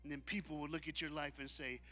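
A man preaching a sermon in a church, dramatic and leading the crowd in call-and-response, swinging from shouts to hushed lines. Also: fairly high pitch, level tone, fast. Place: church auditorium.

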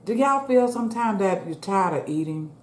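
A woman's voice: mid-range voice, animated, moderate pace, a little mellow. A woman food vlogger chatting casually to her viewers while eating, calling them y'all. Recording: echoey room with faint ambience.

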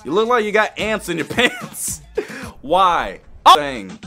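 Man, high voice, very animated pitch, joking reaction host, faint music behind. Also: takes it slowly. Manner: animated, joking, frequent exclamations. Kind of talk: casual reaction commentary.

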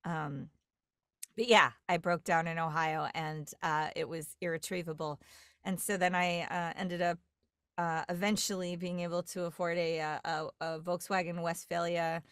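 A New York dialect coach tells stories on a podcast in a rambling, casual chat full of fillers and restarts. Her voice is on the low side, level, a bit bright and clean, at a normal speed. It's studio quality with no room sound.

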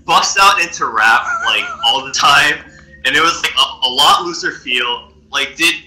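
A man's voice: mid-range voice, animated, a little slow, bright, forceful tone. A man in the audience asking a question, hesitant and full of fillers. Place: virtual reality social space. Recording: roomy echo.

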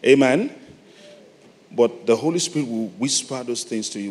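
A middle-aged Nigerian man preaching a sermon, moving from soft, reflective storytelling to loud, emphatic calls. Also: medium pitch, animated, moderate pace. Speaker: pastor. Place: large church hall. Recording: long hall reverb, faint noise.

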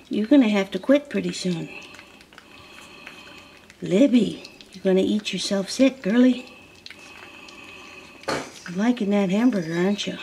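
A woman's voice: medium pitch, gravelly, warm tone, a little hiss or hum. A woman talking in sing-song, doting baby talk to a puppy while she films it. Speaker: dog breeder filming a puppy.

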